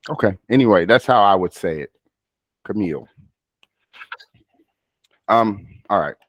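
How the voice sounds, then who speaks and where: A man's voice: on the low side, expressive, measured pace, a bit bright, no echo. A man tutoring a student in spoken English, patient and coaching, often stopping himself mid-sentence. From United States. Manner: patient, coaching, self-interrupting. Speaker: speaking tutor. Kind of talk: one-on-one practice session.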